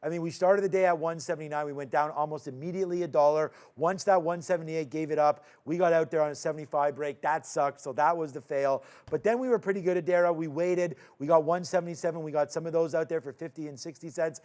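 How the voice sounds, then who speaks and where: Man, market show host, upbeat, jokey asides, fairly high voice. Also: steady tone, a little mellow. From Canada. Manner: upbeat, joking, quick asides. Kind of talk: casual market recap chat.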